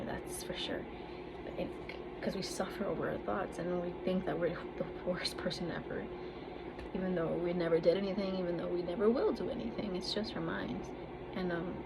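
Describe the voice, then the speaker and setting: A woman's voice: lowish voice, fast. Candid young woman vlogging, noisy room. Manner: candid, swears freely, quotes others in animated voices. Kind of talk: casual personal storytelling. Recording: noisy background.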